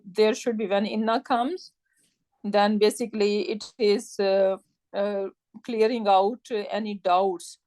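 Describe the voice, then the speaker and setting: Woman teaching a class, warm and encouraging, keeps asking right?, dry recording. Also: mid-range voice, no room sound. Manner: explains step by step, often checks with "right?"; warm encouraging tone with religious phrases. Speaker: Arabic grammar teacher. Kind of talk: live class lesson.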